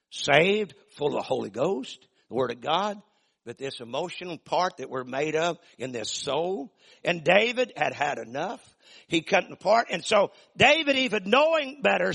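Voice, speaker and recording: An older man preaches in a folksy, emphatic style, stretching some phrases out and punching others loud. His voice is gravelly and a bit husky, pitched somewhat high for a man. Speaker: pastor. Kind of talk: sermon.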